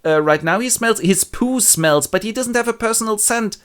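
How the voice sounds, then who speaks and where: A man's voice: high voice, animated, moderate pace, a bit bright, clear, resonant tone, voice pushed up. A man voicing a fussy middle-aged priest in a raised, prim voice.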